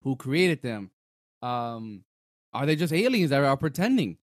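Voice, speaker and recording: A man co-hosting a casual show chat, talking in an animated, rambling way with lots of fillers. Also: mid-range voice, a little slow, no room sound, clean studio sound. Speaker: podcast co-host. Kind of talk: casual chat reviewing a TV episode.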